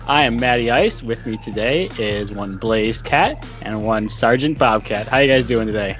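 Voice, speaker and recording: A man's voice: mid-range voice, normal speed, few pauses, fairly bright tone, soft background music. Rambling man hosting a gaming podcast. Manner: rambling, filler-heavy. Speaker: podcast host. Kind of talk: casual chat.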